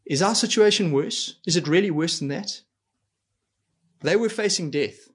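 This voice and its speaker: A man's voice: sits high, animated, moderate pace, husky. A man preaching a sermon in an earnest way, asking rhetorical questions and acting out quoted lines. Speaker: pastor.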